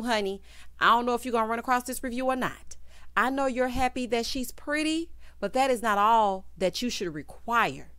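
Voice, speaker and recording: A woman's voice: fairly high pitch, a bit bright, no room sound. A woman giving a sassy, casual recap of a reality show, talking straight to her viewers. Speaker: TV recap reviewer.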